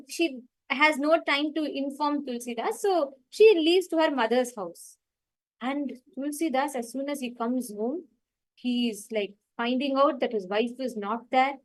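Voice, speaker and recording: Casting: high-pitched woman, earnest spiritual storyteller, loose and unscripted. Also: low-quality recording. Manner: earnest, many fillers like "like" and "you know".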